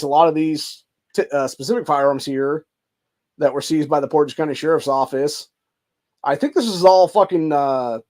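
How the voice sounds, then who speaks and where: A man's voice: on the high side, darkish tone. A man hosting a livestream, ranting angrily with constant cursing and saying "dude" a lot. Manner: angry, heavy cursing, says "dude" often. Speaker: show host. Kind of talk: profane livestream rant.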